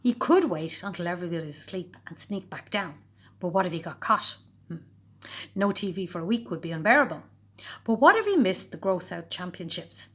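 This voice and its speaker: Expressive woman reading a children's story. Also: mid-range voice. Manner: expressive, voices every character. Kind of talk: storybook narration.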